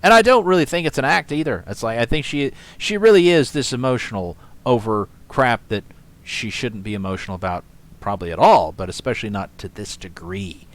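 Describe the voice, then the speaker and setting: A man hosting casual reaction commentary, rambling, swearing and scoffing between long pauses. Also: medium pitch, lively intonation. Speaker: commentary host.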